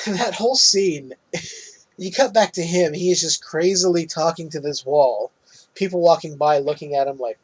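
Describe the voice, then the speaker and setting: A man hosting a podcast, casually recapping a film's plot in an animated way and laughing often. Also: a little high, slightly rough, poor audio. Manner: animated retelling, quick laughs. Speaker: podcast host.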